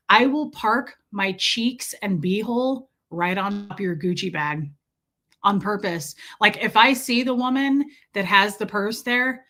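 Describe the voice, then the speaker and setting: A woman hosting a livestream, ranting in a comedic, profane, exaggerated way, swinging between loud outbursts and muttered asides and repeating herself for emphasis. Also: on the high side. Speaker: livestream host. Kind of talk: comedic rant to a livestream audience.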